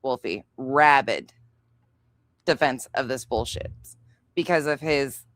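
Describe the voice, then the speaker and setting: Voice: mid-range voice, slow, fairly bright tone. A podcast host with a mid-range voice reacts to clips with sarcasm and open mockery, swearing often. The sound is close and dry, with no room echo. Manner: sarcastic, mocking, profane.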